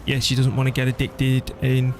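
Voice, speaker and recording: A man streaming a strategy game, chatting casually and thinking out loud as he plays, laughing easily. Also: medium pitch, monotone, normal speed, slight background noise. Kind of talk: casual gameplay commentary.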